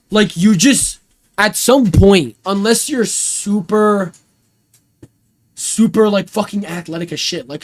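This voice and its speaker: A young man chats loosely on a stream, rambling from thought to thought with slang and plenty of swearing. His voice sits a little high for a man. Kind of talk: casual stream chat.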